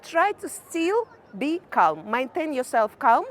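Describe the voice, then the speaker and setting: High-voiced Ukrainian woman vlogging. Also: sing-song, slow. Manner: chatty, fillers like "kind of" and "you know". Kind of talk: casual talk to camera.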